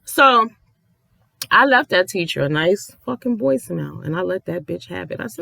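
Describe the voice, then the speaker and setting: A mother telling a long story in a casual rant, profane and animated, acting out the people she quotes. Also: fairly low pitch, normal speed, gravelly, no room sound.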